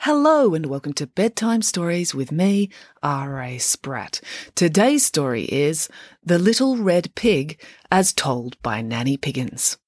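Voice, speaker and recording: A woman children's author hosts and narrates a bedtime story. Her voice sits on the low side but moves in a lively, expressive way. The recording is dry and close. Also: a little slow, dry recording, faint music behind. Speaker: children's author and podcast host.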